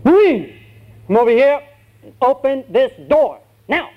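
A man voicing a gruff, mocking male Marine drill sergeant who barks short commands. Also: very high-pitched, sing-song, unhurried, voice pushed up, heavily acted. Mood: barking orders. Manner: barked short commands, raised and loud. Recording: dull lo-fi sermon recording, faint hum.

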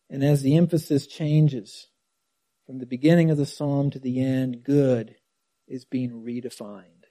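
A man's voice: mid-range voice, steady tone, normal speed, warm tone, no echo. A man preaching a sermon, reading scripture aloud and stressing key words, sometimes dropping almost to a whisper. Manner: dramatic quoting of scripture.

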